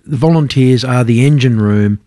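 A man co-hosts a radio show in a mid-pitched voice, recorded dry in the studio. He jokes around and praises effusively. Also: moderate pace, dark tone, dry recording. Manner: jokey, effusive. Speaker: radio co-host. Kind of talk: casual radio chat.

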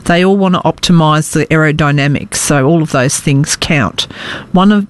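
A woman hosting a radio show, chatting casually and joking with fillers. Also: fairly low pitch. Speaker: radio host.

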